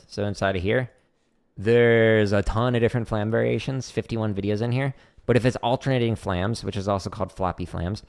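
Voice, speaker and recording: A man teaching drum rudiments on a casual livestream, thinking aloud and counting beats, with drums playing behind him. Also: on the low side. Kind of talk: casual livestream drumming lesson. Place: home practice room.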